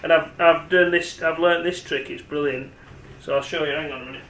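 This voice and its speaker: A man's voice: a little high, fairly even intonation, brisk, noisy background. Chatty man in echoey kitchen. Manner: rambling, chatty, talks to the camera as he works. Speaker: home cook. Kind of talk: casual cooking demonstration. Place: home kitchen.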